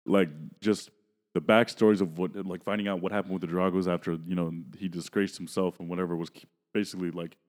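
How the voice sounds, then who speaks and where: Man, deep voice, hesitant rambling, lots of fillers, long reverb. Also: little pitch movement, fast talker, a little mellow. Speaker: podcast co-host. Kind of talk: casual movie review chat.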